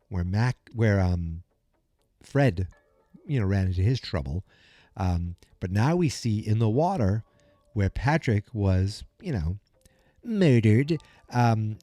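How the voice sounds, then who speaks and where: Warm low-voiced male podcast host. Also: lively intonation, slow pace, dry recording. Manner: rambling, filler-heavy storytelling. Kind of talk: casual episode recap.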